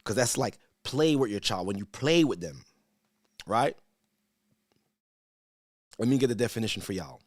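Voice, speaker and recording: A man who is a church elder, teaching from the Bible in a casual, conversational way, asking rhetorical questions and reading verses slowly with emphasis. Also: fairly low pitch, expressive, no echo, studio quality. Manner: conversational, asks rhetorical "right?", stammers repeats.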